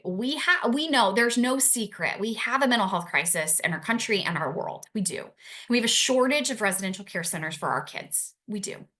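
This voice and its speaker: A woman's voice: mid-range voice, pushed and bright. A young adult woman giving an earnest, reassuring talk to parents, repeating her key phrases. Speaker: family support speaker for parents.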